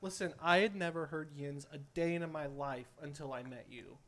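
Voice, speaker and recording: A man's voice: a little high, normal speed, a bit bright. A man co-hosting a casual talk show, joking and teasing with crude language. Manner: teasing banter, swears. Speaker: co-host. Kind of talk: casual chat.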